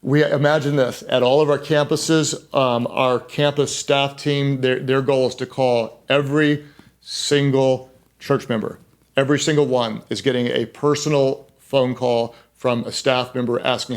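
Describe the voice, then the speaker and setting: A man's voice: mid-range voice, flat delivery, moderate pace. A middle-aged man with a mid-range voice gives a leadership talk as a pastor. He speaks emphatically in a conversational way and hammers key words by repeating them. Now and then he drops in a self-deprecating aside.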